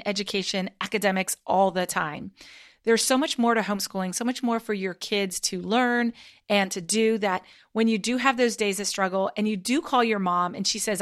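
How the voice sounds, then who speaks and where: A woman's voice: mid-range voice, a bit bright. A mother who homeschools, giving casual, upbeat and encouraging advice to other parents as a podcast host. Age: adult parent.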